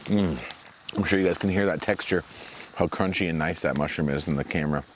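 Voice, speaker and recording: Low-voiced man chatting at a campsite. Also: fairly quick, a little hiss or hum. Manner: relaxed, chatty, talks to the viewers. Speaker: outdoor vlog host. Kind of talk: casual vlog narration. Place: outdoors at a forest campsite by a fire.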